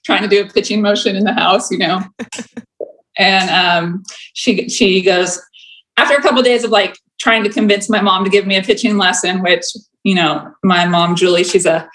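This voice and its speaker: A woman's voice: medium pitch, steady tone, moderate pace, a bit bright, rough recording. A young woman telling a personal story in casual chat, laughing often and filling her talk with "like". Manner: chatty, laughs often, many "like" fillers.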